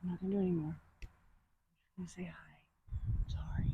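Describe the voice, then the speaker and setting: A horse trainer outdoors, describing a training session and talking to the horse in a soothing way, with gentle, repeated reassurances. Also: mid-range voice, flat delivery, moderate pace, vocal fry, long pauses, a little hiss or hum.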